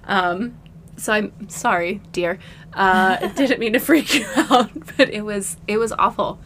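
A woman co-hosting a casual podcast, telling a story in an animated way and acting out what people said. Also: medium pitch, a little slow, a little hiss or hum. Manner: animated storytelling, acts out quotes. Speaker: podcast co-host. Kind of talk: casual chat.

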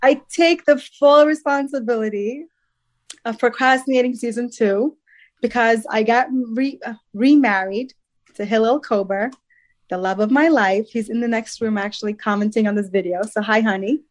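A woman's voice: a little high, normal speed. Bubbly woman matchmaker co-host. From Long Island, New York. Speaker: matchmaker and dating coach, co-host. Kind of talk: casual podcast chat.

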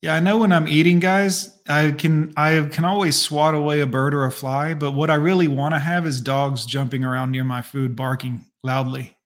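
Male reaction host, mocking and crude, slightly high voice. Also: steady tone, moderate pace, few pauses. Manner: sarcastic, mocking asides. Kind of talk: casual profane reaction commentary.

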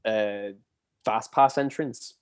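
A man's voice: fairly low pitch, slow pace, smooth. A man in his twenties, a podcast guest and former theme park cast member, rambling through casual anecdotes. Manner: chatty, rambling, animated when telling stories.

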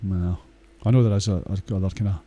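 A man's voice: low-pitched, fairly even intonation, a little fast, mellow, breathy edge, muffled recording. A Scottish man talking in a casual, rambling monologue, blunt and crude, swearing often and hesitating with many fillers.

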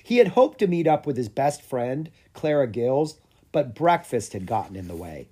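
A storybook reader narrating a children's fantasy tale with lively, animated expression. The voice is mellow and a little husky, rising and falling freely. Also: mid-range voice, normal speed. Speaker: audiobook reader. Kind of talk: children's storybook read-aloud.

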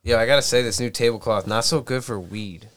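A man's voice: mid-range voice, fairly quick, crowd noise. A man co-hosting a casual podcast, tossing in profane wisecracks in a small studio. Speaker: podcast co-host. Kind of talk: casual banter.

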